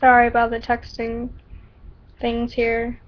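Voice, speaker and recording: A woman's voice: fairly high pitch, monotone, measured pace. Giggly woman reading her story aloud. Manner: giggly, stumbles over words. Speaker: amateur storyteller. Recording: dull lo-fi recording.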